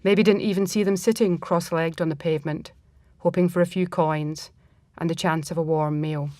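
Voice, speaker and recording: A woman reads a first-person story aloud in a reflective, measured way. Her voice sits fairly low, and the recording is dry and close, with no room sound. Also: steady tone, dark tone, no echo.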